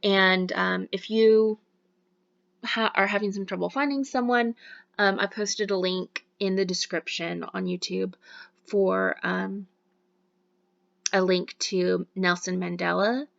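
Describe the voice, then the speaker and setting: A woman's voice: mid-range voice, steady tone, slow, creaky, fairly bright tone, muffled recording. A woman giving a recorded university lecture on voice and diction, explaining with frequent fillers.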